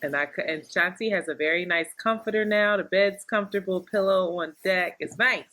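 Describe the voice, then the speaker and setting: A woman's voice: fairly low pitch, fairly quick, fairly bright tone. A woman co-hosting a casual podcast, telling a story with lots of laughter and acted-out quotes. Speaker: podcast co-host.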